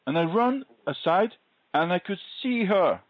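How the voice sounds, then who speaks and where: A man sharing a faith testimony in an interview, telling his story earnestly and deliberately. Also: high-pitched, expressive, no room sound. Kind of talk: conversational interview, personal testimony. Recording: dull lo-fi recording.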